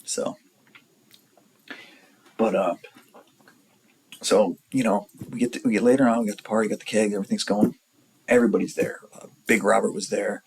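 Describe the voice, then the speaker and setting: A man in his forties with a gravelly, husky voice, pitched a little low. He tells a long personal story in a loose, rambling way, blunt and full of profanity. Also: animated, normal speed, long pauses, low-quality recording. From San Diego area, California. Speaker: storyteller vlogger. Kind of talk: casual storytelling.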